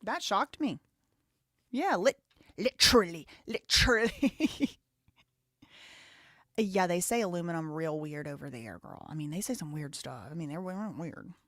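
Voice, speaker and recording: A woman's voice: low-pitched, lively intonation, moderate pace, no echo. Chatty Southern American woman, dry sound. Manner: chatty, opinionated, laughs often. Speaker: live show host. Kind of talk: casual live-stream chat, reading comments.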